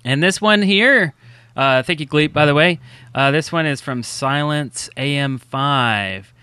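A man's voice: fairly high pitch, unhurried, bright, forceful tone, smooth, no room sound. A man co-hosting a podcast who stumbles and restarts his questions, chatting casually. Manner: stammering restarts when asking questions. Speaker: podcast co-host.

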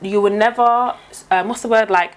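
A woman's voice: medium pitch, steady tone. A woman chatting casually as a podcast co-host, telling rambling stories. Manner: chatty storytelling, fast and rambling. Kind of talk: casual chat.

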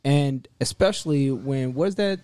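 A man's voice: medium pitch, moderate pace, no echo. A man in casual conversation reviewing a movie, swearing freely and acting out scenes as he retells them. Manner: animated, swearing, acts out scenes.

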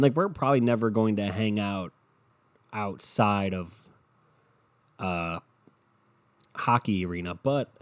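A young man rambles through a laid-back solo podcast at home, swearing with a sardonic edge as he lies in bed with his dog. He uses a home podcast mic, and his voice sits fairly low and sounds a little mellow.

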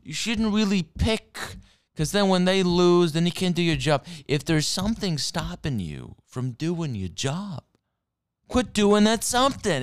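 A man rambles through an angry monologue about sports, cursing freely and stumbling over his own sentences. His voice sits a little high and comes across smooth and resonant. Now and then he pauses to sip whiskey. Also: very animated. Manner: rambling, heavy swearing, frequent restarts; sipping whiskey while talking. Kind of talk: profane sports rant monologue.

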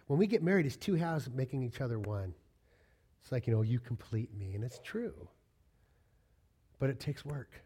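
A man's voice: medium pitch, warm tone, breathy edge. A man preaching a conversational sermon to his congregation, acting out little quoted exchanges as he goes. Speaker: pastor.

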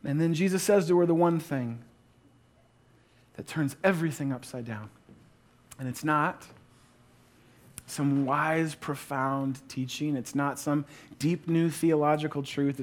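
A male pastor preaching a sermon, retelling a scripture story with playful asides and dropping into a quiet, hushed voice for reflective moments. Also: medium pitch, steady tone, normal speed.

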